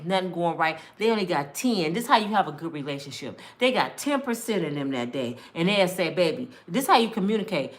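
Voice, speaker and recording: With a fairly low-pitched yet fairly bright voice, a woman lectures to camera about relationships in a preachy monologue. She takes a mentor's role, speaking emphatically and conversationally like a street preacher while acting out quotes.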